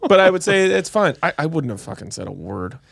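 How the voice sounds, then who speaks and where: A man's voice: fairly high pitch, big pitch swings, fairly quick, vocal fry, fairly bright tone, dry recording, clean studio sound. A man co-hosting a comedic advice podcast, talking bluntly and jokingly with some swearing. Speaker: podcast co-host.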